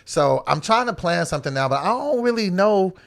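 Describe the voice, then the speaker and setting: A man's voice: high-pitched, expressive, brisk, creaky, a bit bright. A man co-hosting a podcast, telling stories in laid-back casual chat and laughing often. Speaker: podcast co-host.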